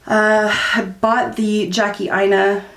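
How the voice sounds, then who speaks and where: A woman's voice: medium pitch, level tone, slow, reverberant, noisy background. A woman in her thirties chatting candidly while doing her makeup for a vlog, full of "um" and "like". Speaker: beauty vlogger.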